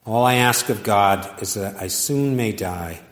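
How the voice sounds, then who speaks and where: A weary old cobbler who has given up on life, read aloud by a male preacher. He speaks low and slowly, tired and hopeless. The words hang in a long church reverb. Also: lightly acted. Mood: despairing.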